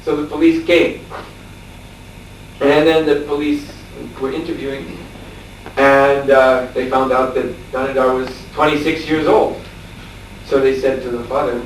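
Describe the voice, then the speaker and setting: A man telling a story in a lecture, animated and laughing, acting out the shouts of the people in it. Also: medium pitch, a little slow. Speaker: spiritual teacher. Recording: echoey room from far off, faint background noise.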